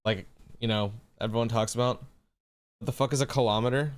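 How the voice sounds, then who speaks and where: A man's voice: medium pitch, quick pace. A young man, a streamer chatting casually and reading chat aloud, loose and laughing, swearing freely. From United States.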